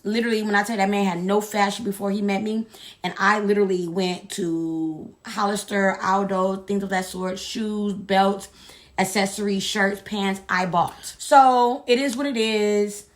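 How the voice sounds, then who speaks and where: Woman, casual storytime, sassy, animated, mid-pitched voice. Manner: animated, sassy, drawn-out dramatic retelling with asides like "baby". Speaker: storyteller vlogger.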